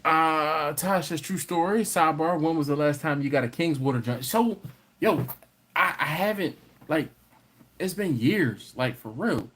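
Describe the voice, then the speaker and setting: A man, his voice sitting a touch high, hosts a relaxed late-night livestream. He reads out viewer comments and teases the chat in a loose, playful way. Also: measured pace. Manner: playful, teasing, banters with chat. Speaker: livestream host. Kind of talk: casual live chat reading comments.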